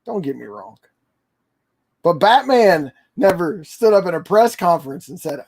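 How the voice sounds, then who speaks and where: Man, livestream host, rambling chat, slightly high voice, excitable. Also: a little slow. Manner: rambling, excitable fan talk with fillers. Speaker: toy channel livestream host.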